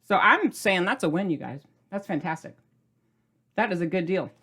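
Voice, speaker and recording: A woman's voice: on the low side, animated, moderate pace, a bit bright, husky. A middle-aged woman hosting a cooking video, chatting in a gushing, bubbly way and sometimes talking while eating. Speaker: cooking channel host. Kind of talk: casual cooking demo chat.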